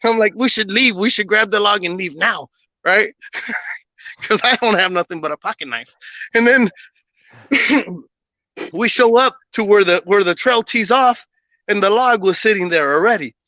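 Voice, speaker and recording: Bright-voiced man telling a story. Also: sits high, unhurried, pauses often, dry recording, low-quality recording. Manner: animated, laughs often, acts out dialogue. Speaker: guest telling a personal story. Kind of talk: casual storytelling on a podcast.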